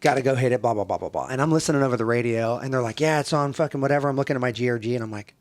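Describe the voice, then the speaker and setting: A man's voice: mid-range voice, very fast. A man casually recounting a mission story, swearing and acting out the dialogue of others. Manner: profane, acts out radio and briefing dialogue.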